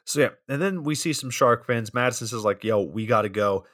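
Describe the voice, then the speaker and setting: A man co-hosting a podcast, recapping a movie plot in a deadpan, matter-of-fact way with casual swearing. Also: mid-range voice, fairly quick, no echo, studio quality.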